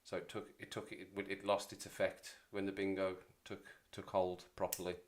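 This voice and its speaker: A man's voice: low voice, completely flat delivery, normal speed. A man in his forties hosting a casual livestream chat, rambling and self-deprecating as he talks to viewers. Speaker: livestream host.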